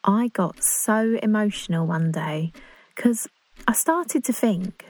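An awkward, earnest young English woman in love pours out her story in a chatty, self-conscious monologue, played by an actress. Her voice sits in a middle pitch. The recording is close and completely dry. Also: takes it slowly, a little mellow, dry recording. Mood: fond. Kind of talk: dramatic monologue.

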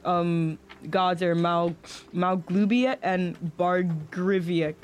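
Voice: mid-range voice, fairly even intonation, slow pace, slight background noise. A game master narrating a tabletop game in a loose, rambling way with many fillers.

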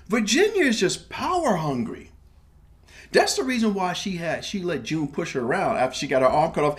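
A man co-hosting a podcast, recapping a TV episode in casual chat, emphatic and animated as he talks over his partner. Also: fairly high pitch, normal speed. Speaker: podcast co-host.

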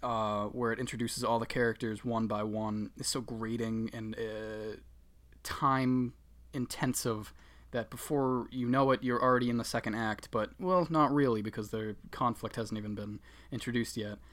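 A man co-hosting a podcast, talking in a loose, sarcastic way and swearing freely. His voice sits at a middle pitch for a man, and he often laughs as he talks. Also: fairly even intonation, moderate pace, fairly bright tone. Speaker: podcast co-host. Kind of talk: casual chat.

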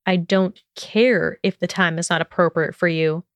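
A woman's voice: fairly low pitch, steady tone, moderate pace, dry recording, studio quality, natural voice. A woman reading a storybook aloud, voicing an arrogant young male wizard who talks sharply and mockingly. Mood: demanding.

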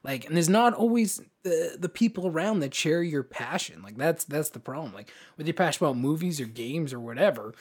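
A man's voice: a little high, animated, fairly quick, slightly rough. A man in his thirties co-hosting a podcast, chatting in a loose, rambling way and laughing often. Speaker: podcast co-host. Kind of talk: casual chat.

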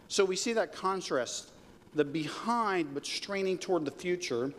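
A man's voice: on the high side, moderate pace. Conversational male pastor in a reverberant hall. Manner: conversational, with frequent rhetorical "right?" and "okay?". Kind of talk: sermon.

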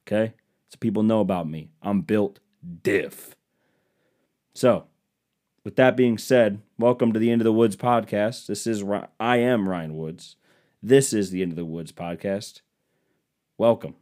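A young man hosts his own podcast in a loose, comic storytelling monologue. His voice sits somewhat low for a man. He swears freely and pokes fun at himself. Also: warm tone. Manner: casual, profane, self-deprecating. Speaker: podcast host.

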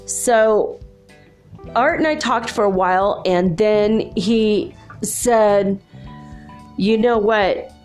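Slow-talking giggly woman podcaster. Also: mid-range voice, a little mellow, soft background music. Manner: giggly, laughs often between phrases; chatty, addresses listeners directly. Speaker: podcast host. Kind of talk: casual solo podcast monologue.

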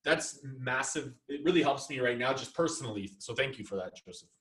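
A male interviewer in casual talk, stumbling through fillers and restarts as he asks. His voice sits at a mid pitch and comes from a little off-mic, with the room echoing around him. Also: lively intonation, fairly bright tone, far from the mic. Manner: halting, many fillers and restarts. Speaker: podcast host.

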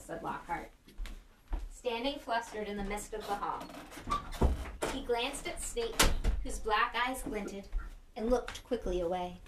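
A woman reads a novel aloud with lively, expressive storytelling. Her delivery is animated and clear, carrying the action along. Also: medium pitch, measured pace, pauses often, slight background noise. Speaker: reader.

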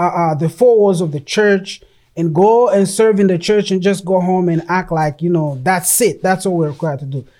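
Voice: medium pitch, a little mellow. A preacher delivering a sermon with emphatic delivery who repeats words while restarting sentences and reads passages aloud.

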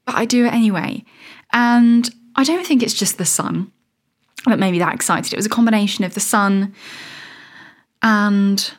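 A woman in her thirties hosting a casual solo podcast, chatty and rambling, laughing at her own tangents. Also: mid-range voice. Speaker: podcast host.

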